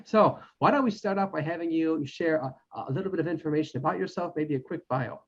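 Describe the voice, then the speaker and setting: A man's voice: a little high, fast. A man hosting a podcast interview, friendly and laughing often, with hesitant fillers. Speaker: podcast host. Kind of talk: casual interview chat. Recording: dull lo-fi audio.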